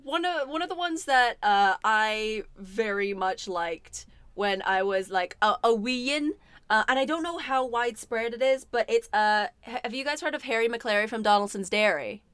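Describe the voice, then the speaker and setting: A woman chatting casually as a podcast host, excitable, laughing often and swearing freely. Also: fairly high pitch, normal speed, clean tone, no echo. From Scotland. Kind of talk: casual chat.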